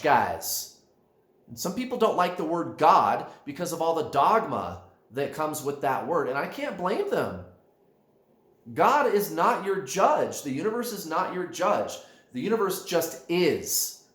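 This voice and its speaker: Animated man in an echoey room. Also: fairly high pitch. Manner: animated, emphatic, addresses viewers as guys. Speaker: spiritual coach. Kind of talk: direct-to-camera coaching talk.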